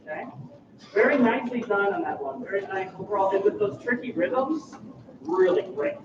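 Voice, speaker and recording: A man leads a school choir rehearsal, saying words aloud to show the shape. His voice is high and lively. It is picked up from across a boomy room on a dull, noisy recording. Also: normal speed. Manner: animated, demonstrates words by speaking them. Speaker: choir clinician. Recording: echoey room, far from mic, dull, noisy.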